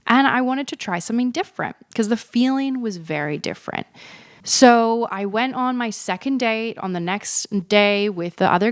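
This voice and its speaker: A woman's voice: mid-range voice, no room sound, clean studio sound. A woman in her thirties hosting a podcast, telling a personal story in a frank, chatty, self-mocking way and swearing freely. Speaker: podcast host.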